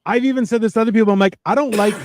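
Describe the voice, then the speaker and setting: A man's voice: high voice, fairly even intonation, very fast, dry recording, clean studio sound. A man co-hosting a casual chat, arguing his points in a blunt, profane way.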